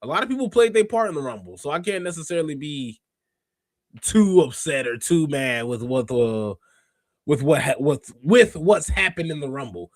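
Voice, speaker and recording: A fairly high-voiced man hosting a podcast, chatting casually about wrestling. He talks in an animated, slangy way, looping through fillers and restarts. The sound is dry and close with no room echo. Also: normal speed. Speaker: podcast host. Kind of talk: casual wrestling recap chat.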